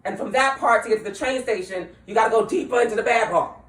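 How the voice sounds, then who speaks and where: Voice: medium pitch, fast talker, a bit bright, slight background noise. Slangy, impassioned speaker in a roomy space. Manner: conversational, slangy, laughs while talking, mimics voices. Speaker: political speaker. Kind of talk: impassioned casual speech. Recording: roomy, distant mic, faint ambience.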